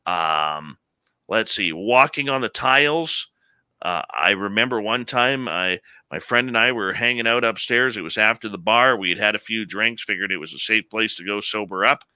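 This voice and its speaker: A man in his late forties hosting a live radio show, telling a story in an animated, conversational way. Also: on the low side, normal speed, clear, resonant tone, no room sound. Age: late 40s.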